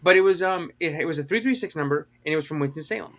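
Racing along in a fairly high, slightly bright voice, a man co-hosts a casual podcast chat. He rambles through a story full of fillers and acted-out quotes.

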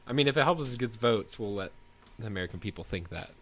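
A man's voice: on the low side, lively intonation, fast talker, a bit bright, slight background noise. A man in casual comedic chat, laid-back and rambling, often trailing off.

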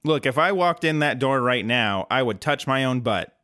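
A man's voice: medium pitch, lively intonation, moderate pace, pushed and bright, dry recording. A man co-hosting a podcast, recapping an episode in casual chat with dry jokes. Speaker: podcast co-host.

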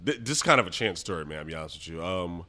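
A young man from the Bronx, telling a story as a podcast guest. He laughs often and acts out his own lines loudly. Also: low voice, animated, rapid-fire. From the Bronx, New York. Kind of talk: animated storytelling.

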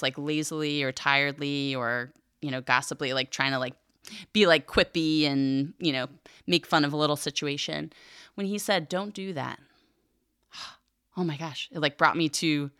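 A woman with a low, smooth voice talks through faith in a casual, reflective way. She is chatty and earnest, full of "like" and "um," and the recording is close and dry. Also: normal speed, fairly bright tone, no echo. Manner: chatty, many fillers like "like" and "um". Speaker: Catholic catechism podcast co-host.

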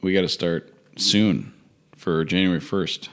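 Deep-voiced male co-host, 30s, joking storyteller in casual chat. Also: fairly even intonation, a little slow, a bit bright.

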